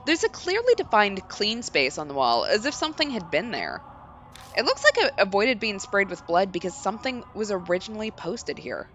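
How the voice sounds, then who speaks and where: Bright, lively woman playing through a game. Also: mid-range voice, normal speed, a little hiss or hum. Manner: chatty, giggly, reads on-screen text in a storytelling tone. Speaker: let's play host. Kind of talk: casual game commentary, reading game text aloud.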